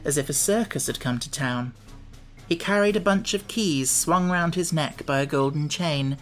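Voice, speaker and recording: A man narrating a classic children's fantasy audiobook in a steady, measured storytelling manner. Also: a little high. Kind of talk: scripted narration.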